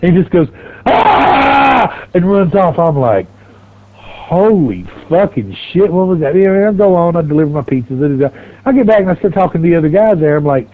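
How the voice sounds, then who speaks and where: A man's voice: fairly high pitch, very fast, narrow, tinny audio. A middle-aged man telling a long, profane, rambling story on a game stream.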